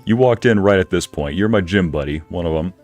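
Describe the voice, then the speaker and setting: A man with a very low, deep voice talking casually over a farming game stream. He jokes and addresses his chat in an animated way, with soft game music faint in the background. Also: brisk. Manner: joking, animated, talks to chat.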